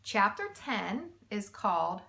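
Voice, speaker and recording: A teacher reading a children's chapter book aloud, with slow, expressive storytelling. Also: female voice, medium pitch, gravelly.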